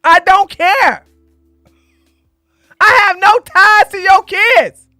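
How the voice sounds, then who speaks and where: Sassy woman streamer ranting, high bouncy voice, bright and dry. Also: extremely slow, no room sound, soft background music. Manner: blunt, sassy, loud rants with laughter. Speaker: commentary streamer. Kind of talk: reaction commentary on a clip.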